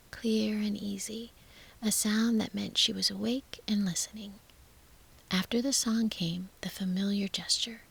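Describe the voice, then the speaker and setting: Female storyteller, whispered sleep-story narration; hushed, soothing, heavy fry and breath in the voice. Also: mid-range voice.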